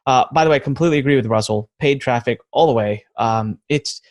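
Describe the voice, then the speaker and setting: A man's voice: mid-range voice, fast talker. A man in his thirties hosting a podcast interview, talking in an easygoing, joking way. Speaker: podcast host.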